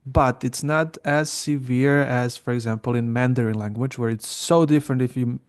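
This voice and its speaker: A man co-hosting a language podcast, explaining pronunciation rules in a relaxed, conversational way. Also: mid-range voice, moderate pace. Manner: explains plainly, with fillers and restarts. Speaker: podcast co-host. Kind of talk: casual educational chat.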